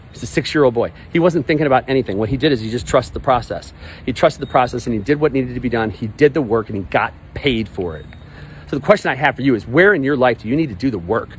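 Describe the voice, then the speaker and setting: Emphatic coach outdoors amid traffic noise. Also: male voice, medium pitch. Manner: emphatic, repetitive and blunt, with swearing. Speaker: life coach. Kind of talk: motivational vlog monologue. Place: outdoors by a pond with ducks.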